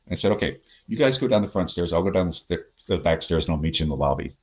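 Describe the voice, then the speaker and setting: Low-voiced man telling sales stories. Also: fast. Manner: animated anecdotes, acts out quoted voices. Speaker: podcast guest, sales consultant. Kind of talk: conversational storytelling.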